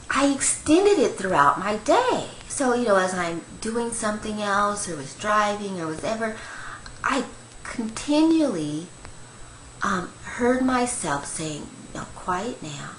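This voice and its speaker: An older woman, a grandmother, giving a gentle, rambling devotional talk on Christian meditation, with many fillers. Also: mid-range voice, roomy sound, a little hiss or hum, rough recording.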